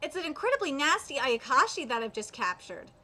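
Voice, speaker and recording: A woman's voice: high voice, sing-song, fairly quick, bright, forceful tone, heavily acted. A woman reading the part of a sly, teasing male exorcist aloud, stumbling over words with frequent fillers. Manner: read aloud with hesitant fillers.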